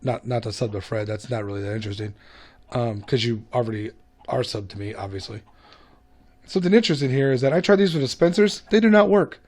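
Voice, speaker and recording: A man's voice: mid-range voice, animated, fast talker, darkish tone. A man hosting a gaming video, giving casual gameplay commentary in a chatty, self-mocking way. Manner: chatty, self-mocking, hums and laughs to himself.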